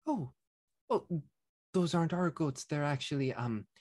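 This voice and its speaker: A man's voice: a little high, animated, unhurried, pitched above the performer's own voice. A man doing a doting Irish innkeeper woman. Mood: grateful. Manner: doting, hushed, calls people love and dear. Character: kindly fussing female innkeeper, middle-aged. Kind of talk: tabletop role-play voicing.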